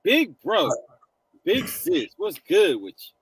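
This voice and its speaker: A man's voice: high-pitched, wildly swooping pitch, slow, gravelly, breathy edge. A man hosting a casual livestream, greeting viewers by name and laughing often. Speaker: livestream host.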